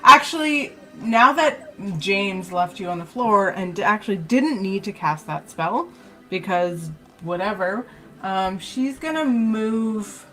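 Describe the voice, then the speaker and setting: A woman's voice: mid-range voice, lively intonation, slow, pushed and bright, faint music behind. A woman running a tabletop role-playing game as dungeon master, casual and swearing freely.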